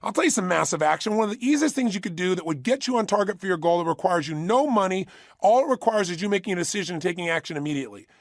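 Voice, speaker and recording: Recorded up close in a studio with no echo, a middle-aged man gives a motivational talk for an audio program, stressing his points and repeating phrases for effect. He speaks rapid-fire in a high voice with lively intonation.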